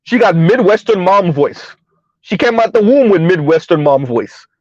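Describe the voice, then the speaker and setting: A man giving a heated, emphatic commentary rant on his vlog, repeating his points loudly. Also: high voice, expressive, normal speed, no room sound, highs cut off. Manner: loud, emphatic, repeats points, laughs at times. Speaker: commentary vlogger.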